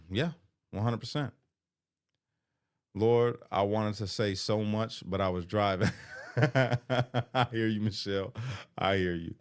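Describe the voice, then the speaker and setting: A man hosting a live stream, casually reading viewer comments aloud and answering them in a talkative, informal way. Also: lowish voice.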